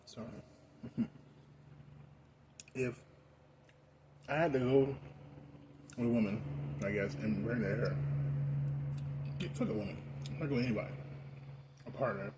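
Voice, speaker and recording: Young American man, high, rambling profane rant, mid pitch, noisy track. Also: measured pace, pauses often. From United States. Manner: rambling, heavy on "like" fillers, profane. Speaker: vlogger. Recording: noisy background.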